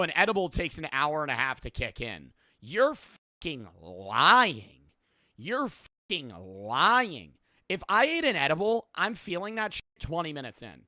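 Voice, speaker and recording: A young man streaming, telling stories in a rambling, profane, animated way. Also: sits high, no echo, studio quality. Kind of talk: casual reaction stream storytelling.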